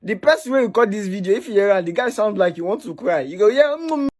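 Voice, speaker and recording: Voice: medium pitch, fast talker. A speaker commenting casually on a video, mocking and laughing. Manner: laughing, mocking, pidgin-flavoured.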